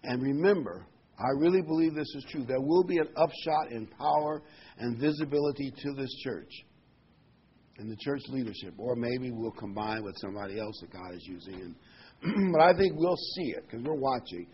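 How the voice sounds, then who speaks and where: A man's voice: mid-range voice, normal speed, slight background noise. Emphatic preacher man, muffled recording. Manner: emphatic, repeats key phrases. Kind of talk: sermon with scripture reading.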